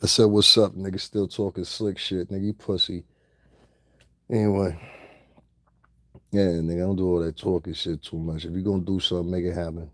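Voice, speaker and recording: A man's voice: deep voice, flat delivery, brisk, long pauses, fairly bright tone, dry recording, studio quality. A man vlogging in a confrontational rant, profane and taunting, breaking into laughter at times.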